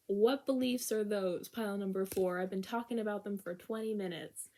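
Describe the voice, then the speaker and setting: A young woman talks through a pick-a-card tarot reading in a loose, chatty way. She is frank and exasperated, breaks into laughter and lets the odd swear word slip. Her voice sits at an ordinary middle pitch. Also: fairly quick, few pauses, darkish tone. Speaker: tarot reader.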